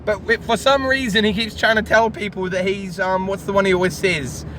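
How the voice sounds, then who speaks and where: A high-pitched man, tipsy and animated, rambles through crude jokes while sitting in a car. Loud city traffic rumbles outside and fills the recording. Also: brisk. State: tipsy from drinking. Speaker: vlogger host. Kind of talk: rambling casual banter. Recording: loud street traffic noise.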